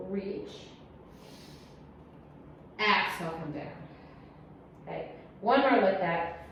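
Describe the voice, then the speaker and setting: A woman leads a Pilates class, calling out inhales and exhales and counting reps. She keeps it chatty and encouraging, with small asides. Her voice rings in a very echoey room, picked up from a distance with faint noise behind. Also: mid-range voice. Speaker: Pilates instructor. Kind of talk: guided exercise class cueing.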